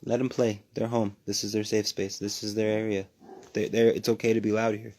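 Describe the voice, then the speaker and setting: A man from New Mexico hosting a casual livestream from home, talking in a profane, rambling, animated way. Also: lowish voice, a little fast, slight background noise. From New Mexico, USA. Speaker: livestream host.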